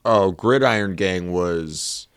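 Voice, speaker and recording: A man's voice: low-pitched, takes it slowly, smooth, no echo, clean studio sound. A man in his forties, a guest on a casual movie chat, easygoing and agreeable with short replies. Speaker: podcast guest.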